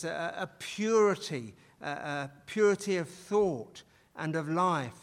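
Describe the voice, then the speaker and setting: Slow, emphatic preacher in a reverberant hall. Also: male voice, on the high side. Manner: emphatic, repeats key phrases for stress. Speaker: pastor. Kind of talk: sermon. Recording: long reverb of a large hall.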